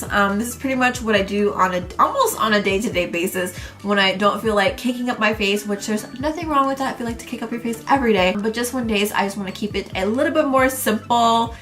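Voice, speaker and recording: A woman's voice: medium pitch, a bit bright. Congested young woman chatting through makeup. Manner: chatty, rambling, lots of fillers. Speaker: beauty vlogger. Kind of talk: casual makeup tutorial chat.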